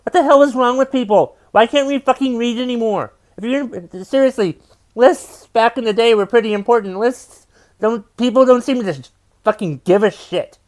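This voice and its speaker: A man's voice: very high-pitched, moderate pace, darkish tone. Profane ranting comedian man. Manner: profane, exasperated ranting with repeated refrains. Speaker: stand-up comedian and podcast host. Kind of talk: comedic rant.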